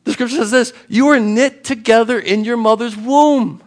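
High-voiced man preaching emphatically. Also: normal speed. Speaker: pastor. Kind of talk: sermon.

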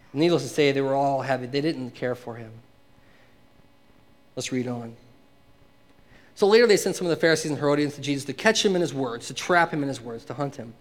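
Speaking in a slightly high voice, a pastor talks conversationally to his congregation during a sermon. He asks them questions and performs the quotations he reads aloud.

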